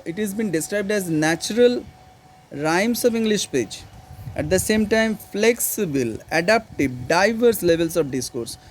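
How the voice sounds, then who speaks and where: Slow, high-voiced male literature teacher. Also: a little hiss or hum. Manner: halting, with fillers and self-corrections; reading from a textbook and explaining. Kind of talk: informal lecture.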